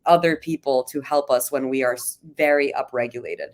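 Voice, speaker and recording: A woman's voice: rumbling low, fairly quick. A woman hosting a live conversation, explaining earnestly and inviting her guest's view. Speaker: host and CEO.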